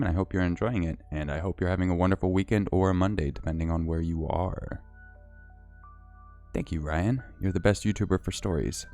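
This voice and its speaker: Low-voiced man chatting on a livestream. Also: creaky. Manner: relaxed, chatty, reads out viewer names and thanks them. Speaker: livestream host. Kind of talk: casual livestream chat.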